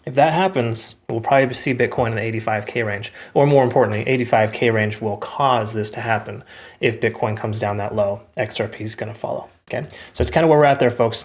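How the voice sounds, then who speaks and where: A man hosting a crypto market video, casually walking viewers through chart analysis and calling them folks. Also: medium pitch. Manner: conversational, filler-heavy, addresses viewers as folks.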